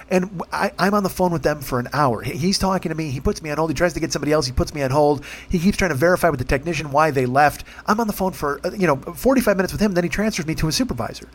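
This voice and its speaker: A podcast host telling a long, rambling story in casual, profane language, with frequent restarts and exasperation. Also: male voice, a little high, racing, hardly any pauses.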